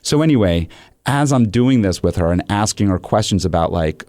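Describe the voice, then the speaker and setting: A man's voice: on the low side, normal speed, no room sound. A man hosting a conversational interview, a coach who tells stories animatedly and acts out quotes. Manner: animated storytelling with acted-out quotes. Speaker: podcast host and coach.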